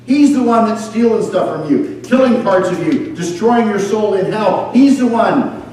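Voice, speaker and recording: A man preaching a sermon, telling stories with lively acted-out voices. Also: high voice, moderate pace, recorded from a distance. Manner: animated storyteller, acts out voices. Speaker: pastor. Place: school church hall. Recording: echoey hall picked up from afar.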